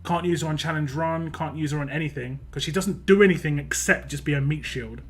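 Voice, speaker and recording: A man's voice: fairly high pitch, fairly quick, slightly rough. A man casually streaming a mobile game, reading viewer comments aloud in a playful sing-song and chatting about characters.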